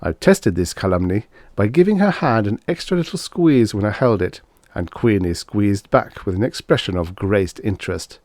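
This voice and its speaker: A man narrating an audiobook in a sardonic, knowing tone. His voice sits on the low side and is recorded dry and close. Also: animated, normal speed, a little mellow, no room sound. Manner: wry, sardonic first-person storytelling.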